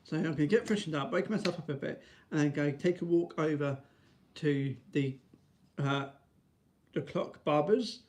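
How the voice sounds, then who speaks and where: A man's voice: moderate pace, a little mellow. A man rambling to camera in a casual vlog, restarting often and tagging lines with "right?". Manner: high sing-song baby talk to his dog. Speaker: vlogger.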